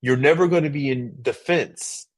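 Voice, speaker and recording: Man, livestream host, emphatic, repetitive, mid pitch. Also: moderate pace. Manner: emphatic, repetitive, asks "right?" often. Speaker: livestream host giving business advice. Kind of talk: casual livestream talk.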